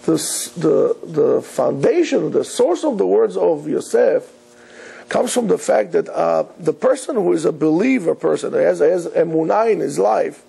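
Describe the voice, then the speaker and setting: A man's voice: on the high side, expressive, unhurried, creaky, mellow, slightly rough. A man, a rabbi, teaching an earnest, emphatic Torah lecture, weaving Hebrew terms into his English.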